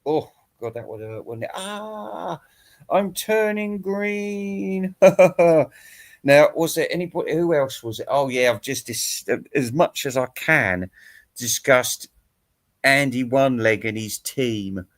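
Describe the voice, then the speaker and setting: A man's voice: medium pitch, unhurried, a bit bright. A man giving a rambling, teasing, crude rant aimed at other online commentators. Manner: teasing, crude, laughs at own jokes. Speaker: YouTube commentator. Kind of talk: rambling mock-serious rant.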